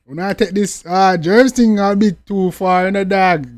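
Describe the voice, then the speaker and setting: A man's voice: high-pitched, fairly even intonation, a little slow, darkish tone, no echo, studio quality. A young man with a Jamaican accent hosting a music reaction, slangy and talkative, full of catchphrases. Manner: slangy, repeats "you see me" and "dog", exclaims with outbursts. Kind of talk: casual reaction commentary. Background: faint music.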